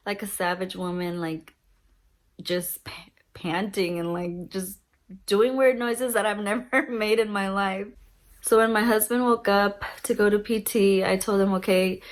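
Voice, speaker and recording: A young adult woman vlogger casually telling her birth story, chatty with many fillers and a lively retelling. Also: mid-range voice.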